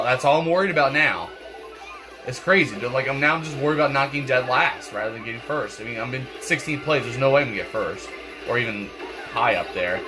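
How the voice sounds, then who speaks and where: A young man, stuffy and congested, rambling through casual gameplay commentary with lots of fillers and repeated words. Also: medium pitch. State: congested, clearing throat. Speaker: gaming channel host. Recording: game music playing behind.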